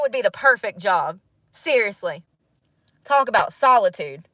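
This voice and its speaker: A woman in her thirties, talking to her channel in a casual, reflective monologue, musing and animated, with frequent laughs. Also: fairly high pitch, moderate pace, dry recording. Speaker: vlogger.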